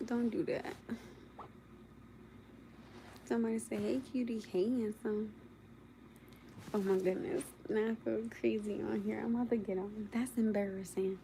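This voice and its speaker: A woman's voice: medium pitch, fairly even intonation, brisk, vocal fry, hardly any pauses, dark tone, slight background noise. A young woman chatting casually with viewers on a late-night livestream from her bed, sleepy and teasing, laughing often. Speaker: livestream host. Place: at home in bed.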